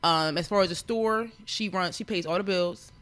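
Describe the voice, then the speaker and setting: A woman, a convenience store owner talking about her business in a casual podcast chat, relaxed and a little worn out. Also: fairly low pitch, normal speed.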